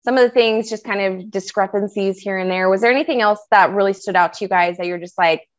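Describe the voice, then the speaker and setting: A woman's voice: medium pitch, quick pace. Upbeat woman hosting a podcast, slightly dull. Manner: upbeat, laughs easily, leads the segments. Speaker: podcast co-host. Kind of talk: casual movie discussion.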